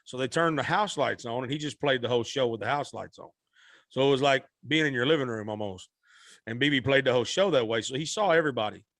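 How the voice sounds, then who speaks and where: A man's voice: mid-range voice, quick pace, no room sound, clean studio sound. A man, a singer guest on a podcast, telling a story animatedly and acting out the people in it. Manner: animated, acts out quoted voices.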